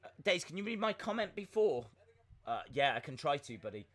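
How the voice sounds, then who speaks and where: A young man hosting a live wrestling watch-along, chatting excitedly, rambling and flustered as he reads viewer comments. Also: on the high side, brisk. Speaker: livestream host reacting to wrestling.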